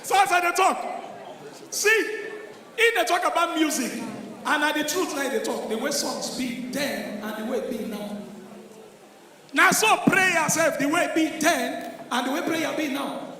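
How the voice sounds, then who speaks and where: A man with a Nigerian accent doing live stand-up comedy, telling stories loudly and with energy in Pidgin. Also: very high-pitched, measured pace, pauses often. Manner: loud, animated storytelling in Pidgin. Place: large venue stage before an audience. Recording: echoey hall with crowd noise.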